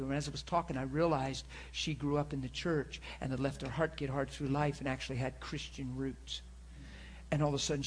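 A man's voice: medium pitch, a little hiss or hum. A man preaching a sermon, telling a personal story in an earnest, storytelling manner. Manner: earnest, storytelling, with many repeated words.

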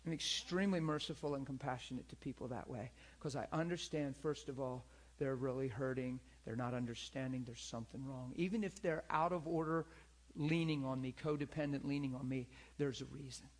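A man teaching in a church in an animated, earnest way, often asking his listeners to agree with him. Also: brisk. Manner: animated, acts out people in high pleading voices; earnest, repeats himself, asks listeners for agreement. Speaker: pastor and teacher.

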